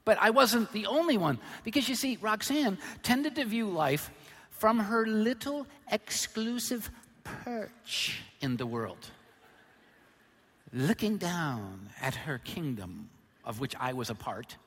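A middle-aged male pastor preaching a sermon, joking about himself and then hitting points with sudden loud emphasis. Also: high voice, lively intonation, measured pace, breathy edge. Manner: humorous, self-deprecating storytelling with sudden loud emphasis. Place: large church hall. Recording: long hall reverb.

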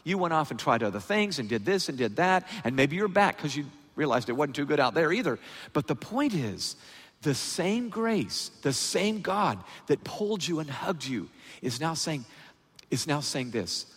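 A man giving a sermon as a guest preacher, in a lively, animated preaching style with a husky voice. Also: moderate pace. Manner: lively, animated preaching with big pitch swings. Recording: reverberant hall sound.

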